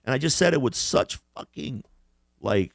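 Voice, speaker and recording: A man's voice: medium pitch, animated, normal speed, vocal fry, no room sound, clean studio sound. A man co-hosting a casual podcast chat, profane and boastful, laughing often at his own stories. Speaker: podcast co-host.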